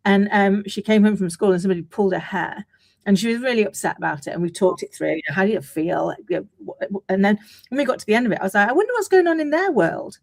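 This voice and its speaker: A woman's voice: medium pitch, fast, gravelly, darkish tone, dry recording. A woman, hosting and telling a story in an affirming way. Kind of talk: casual conversation.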